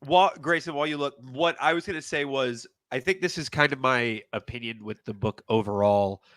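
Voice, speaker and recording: A man in casual podcast chat, giving measured and thoughtful opinions. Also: mid-range voice, fairly bright tone, no echo.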